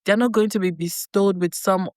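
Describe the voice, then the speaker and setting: A woman's voice: medium pitch, steady tone, moderate pace, a little mellow, no echo, studio quality. A woman giving an earnest motivational talk to camera, repeating herself for emphasis. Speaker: life coach and vlogger.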